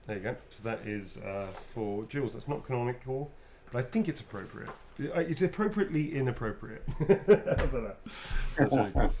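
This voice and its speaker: A man's voice: mid-range voice, lively intonation, a little fast, hardly any pauses, a little mellow, slight background noise. A man who is an actor, chatting and joking as he signs autographs and reads out fan messages. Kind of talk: casual chat during a live signing.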